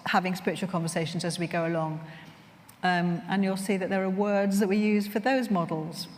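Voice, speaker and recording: A woman chaplain giving a conference talk, reflective and gentle, telling personal stories to fellow chaplains. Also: mid-range voice. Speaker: chaplain trainer. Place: conference hall. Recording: long reverb in a large hall.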